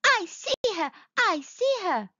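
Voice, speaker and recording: A woman voicing a small, young boy mole in a storybook reading, with high, eager childlike cries. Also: animated, slow, pushed and bright, dry recording, full character voice. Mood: excited. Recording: dull lo-fi sound.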